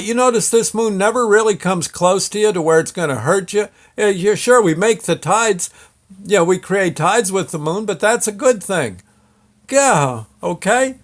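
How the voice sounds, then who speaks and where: Folksy fatherly God read by a man, exasperated yet kind, raised pitch. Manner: homespun scolding with folksy exclamations.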